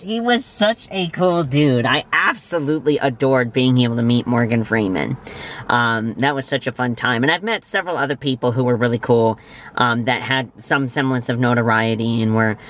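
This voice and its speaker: An enthusiastic male vlog host tells his stories straight to the camera in a casual, effusive way. His voice sits at an ordinary middle pitch, and he piles on words of praise. A faint hiss of noise sits under the voice.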